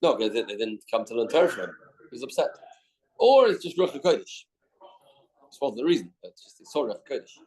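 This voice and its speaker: Speaking at a medium pitch with a sing-song, darkish delivery, this Canadian man talks fast but pauses often. He teaches a daily Talmud class in a study hall, reading the text, explaining it in English, and dramatizing the exchanges.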